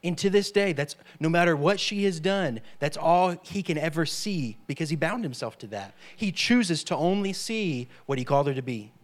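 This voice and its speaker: A man's voice: on the high side, lively intonation, normal speed, few pauses. A man preaching a sermon, emphatic, repeating key phrases and dropping in frequent amens.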